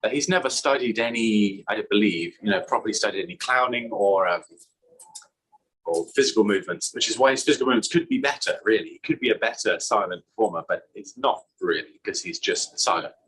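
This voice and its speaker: A man's voice: lowish voice, fairly quick, a bit bright, slightly rough, rough recording. An English man guest in casual interview chat, rambling and restarting his sentences, laughing often. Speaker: magician guest.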